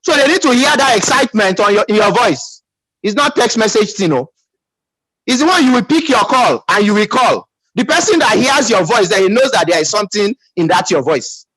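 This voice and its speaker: A man's voice: very high voice, very animated, moderate pace, fairly bright tone, breathy edge, dry recording, poor audio. A man with a Nigerian English accent giving an emphatic motivational pep talk as a business team leader, calling out for audience responses.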